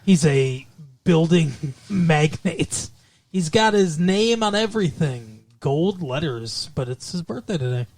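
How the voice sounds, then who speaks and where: A man's voice: fairly high pitch, expressive, slow, a little mellow. Male podcast host, casual and jokey, teasing banter. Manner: joking, teasing. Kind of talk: casual chat.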